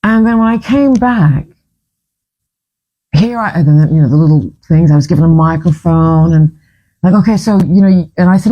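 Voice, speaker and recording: A woman's voice: deep voice, lively intonation, moderate pace, warm tone, breathy edge, poor audio. A woman vlogger retelling an event in an emotional, rambling way, full of restarts. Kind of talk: personal storytelling.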